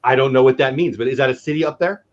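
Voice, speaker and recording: A man's voice: medium pitch, very fast, muffled recording, a crowd in the background. A man in his fifties hosting a casual livestream chat, rambling and repeating words as he talks. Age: 50s. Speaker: livestream host.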